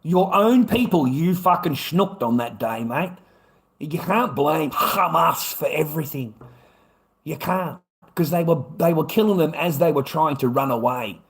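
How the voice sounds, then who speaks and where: A man's voice: fairly high pitch, a little slow. A man with an Australian accent, ranting angrily and profanely at an unseen opponent on his livestream. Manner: angry, profane, lecturing.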